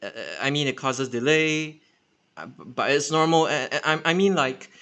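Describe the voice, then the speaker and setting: A man's voice: a little high, normal speed, sharp tone. A man with a Singaporean English accent giving an unscripted, casual explainer, rambling with many fillers and self-corrections. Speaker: transit enthusiast channel host.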